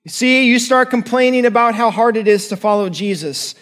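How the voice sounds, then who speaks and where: A man's voice: very high-pitched, fairly quick, a bit bright. A male pastor preaching a sermon in an earnest, emphatic way, often asking his listeners questions. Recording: long hall reverb.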